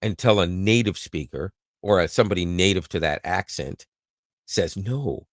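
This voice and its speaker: A Canadian man co-hosting a podcast, chatting casually and joking with quick asides. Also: deep voice, no room sound, studio quality. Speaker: podcast co-host. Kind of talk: casual chat.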